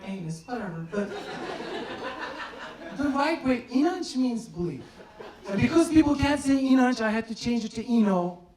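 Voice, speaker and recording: A man from Turkey performing stand-up on a club stage, deadpan and teasing the audience with mock-serious questions. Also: high voice. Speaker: stand-up comedian. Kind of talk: stand-up crowd work. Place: comedy club stage before a laughing crowd. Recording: roomy live recording from a distance, crowd audible.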